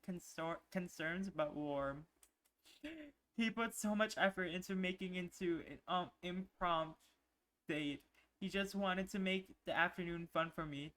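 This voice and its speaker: A young woman streamer reading a visual novel aloud, narrating softly and slowly, with emotional asides to chat. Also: lowish voice. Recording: music playing underneath.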